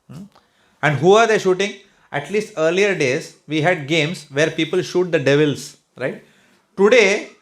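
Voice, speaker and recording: A man's voice: fairly high pitch, fairly bright tone. A man from Mumbai with an Indian English accent, giving a conversational spiritual talk to a home group, wry and sometimes sarcastic, often checking in with "right?" and "hmm?". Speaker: spiritual speaker.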